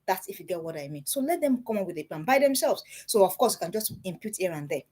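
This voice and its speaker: Fast-talking, husky-voiced woman giving parenting advice. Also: mid-range voice. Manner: animated, repeats herself for emphasis. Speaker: parenting speaker.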